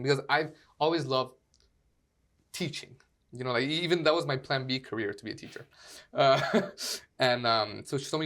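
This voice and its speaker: A man's voice: medium pitch, a little fast, fairly bright tone. A man, an actor and acting coach, chatting as an interview guest, acting out quoted dialogue with lots of fillers. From Canada. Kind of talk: casual interview storytelling.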